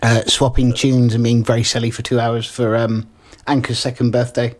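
A man's voice: medium pitch, monotone, normal speed. A man hosting an internet radio show, chatting casually and plugging upcoming shows with many fillers. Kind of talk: casual banter with show announcements.

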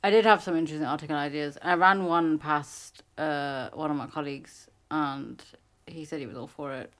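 A woman's voice: low-pitched, steady tone, normal speed. A woman in casual chat, rambling with many restarts and fillers.

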